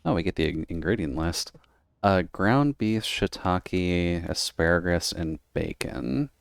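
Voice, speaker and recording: A man's voice: low-pitched, measured pace, gravelly, clear, resonant tone, no echo, clean studio sound. A man streaming a game, chatting casually in a rambling way and laughing often. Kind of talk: casual chat while gaming.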